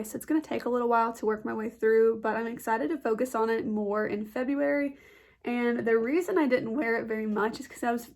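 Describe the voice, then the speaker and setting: A young woman chatting casually about beauty products she has used up, her voice nasal and stuffy from a blocked nose, with lots of "like" fillers. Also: a little high. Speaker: beauty vlogger.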